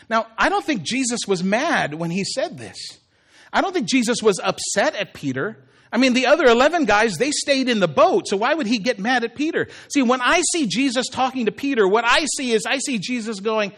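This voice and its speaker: Male pastor, high voice, animated conversational sermon delivery. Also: normal speed. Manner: animated, swings from soft to emphatic. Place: church.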